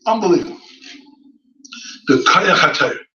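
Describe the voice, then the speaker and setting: A man giving an impassioned Torah lecture at a yeshiva, speaking yeshiva English full of Hebrew terms and rising to shouted pleas. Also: high voice, expressive, moderate pace. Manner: swells from quiet teaching to crying, shouted pleas. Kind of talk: impassioned sermon. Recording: echoey hall, mic at a distance, dull sound.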